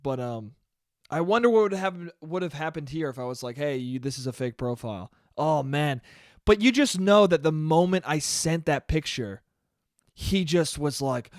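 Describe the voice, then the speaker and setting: A young man hosting a solo podcast, telling stories in a sarcastic, animated way and mocking people with quoted voices. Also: a little high, unhurried, no echo, clean studio sound. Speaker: podcast host. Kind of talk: solo comedic podcast rant.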